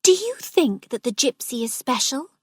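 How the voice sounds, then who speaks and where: A woman's voice: sing-song, normal speed, slightly rough, dry recording, studio quality, heavily acted. Woman voicing an eager, dreamy young girl. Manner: eager, girlish, higher voice.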